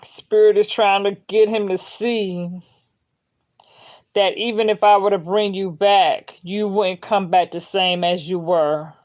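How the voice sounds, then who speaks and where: A woman's voice: medium pitch, fairly even intonation, takes it slowly, darkish tone. A woman giving a spiritual tarot reading in a loose, conversational way, often adding "you know what I'm saying.". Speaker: tarot reader.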